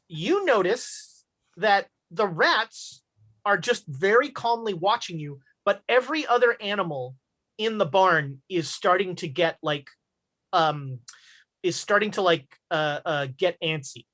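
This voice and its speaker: A woman's voice: fairly low pitch, lively intonation, fairly bright tone. Rambling woman game master. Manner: halting, many fillers. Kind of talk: narrating a tabletop horror game.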